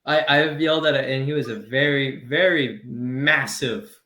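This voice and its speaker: A man co-hosting a comedy podcast, telling heated, animated stories in casual chat. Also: mid-range voice, moderate pace, reverberant. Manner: heated, animated storytelling with laughs. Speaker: podcast co-host.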